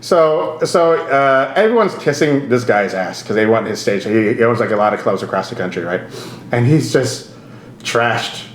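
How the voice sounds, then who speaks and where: A man's voice: mid-range voice, animated, normal speed. Guy comic hosting a podcast, rambly storyteller, roomy echo. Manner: rambling, laughing, acts out quotes. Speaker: podcast host and comedian. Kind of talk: casual storytelling chat. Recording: roomy echo with faint ambience.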